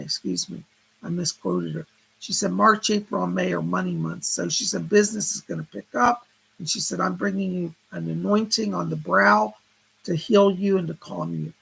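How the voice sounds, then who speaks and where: Gravelly husky man doing readings. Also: high voice, a bit bright, poor audio. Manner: relays spirit messages as quotes, thanks donors by name. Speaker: psychic medium. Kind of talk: live-stream psychic readings.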